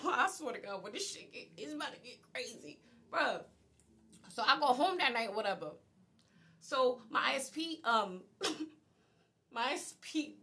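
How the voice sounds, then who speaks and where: Young woman vlogger, high bright voice, candid storytime delivery, laughs through it. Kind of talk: storytime vlog.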